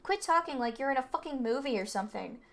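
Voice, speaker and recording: Brief: hot-tempered delinquent teen boy, read by a woman, loud and sweary. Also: high-pitched, lively intonation, fast. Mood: angry. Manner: shouting, swearing, aggressive. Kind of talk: reading game dialogue aloud.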